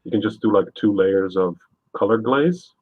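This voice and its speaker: A husky, fairly low-voiced man rambling easily with lots of fillers as he paints and chats on a live stream. The sound is thin and phone-like, with no room echo at all. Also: normal speed. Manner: rambling, laid-back, frequent fillers. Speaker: streaming artist host. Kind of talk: casual chat while painting. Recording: tinny phone-like sound, dry.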